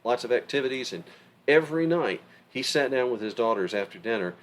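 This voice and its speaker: In casual podcast conversation, a middle-aged co-host tells animated, emphatic stories in a brisk, mid-range voice. The recording carries slight hiss or hum.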